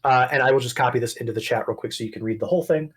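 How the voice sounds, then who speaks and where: A man narrating a tabletop game as game master, animated and rambling. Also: medium pitch, racing, husky. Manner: animated, rambling, self-correcting.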